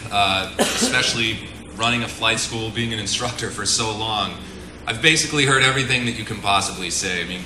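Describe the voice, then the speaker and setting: A man's voice: on the low side, background noise. A middle-aged man, a flight instructor, giving a casual, joking seminar and asking the room questions. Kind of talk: seminar lecture to an audience. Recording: echoey room.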